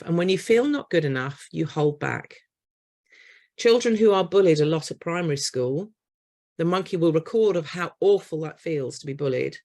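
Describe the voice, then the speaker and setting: A woman, a therapist giving a storytelling workshop talk and acting out little scenes as she goes. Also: deep voice. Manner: warm storyteller acting out voices of parents and children.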